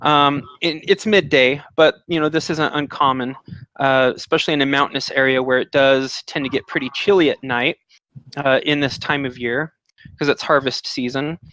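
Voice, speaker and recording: A man's voice: medium pitch, steady tone, moderate pace, fairly bright tone, no echo, poor audio. A man narrating a tabletop game as dungeon master, explaining rules with many filler words.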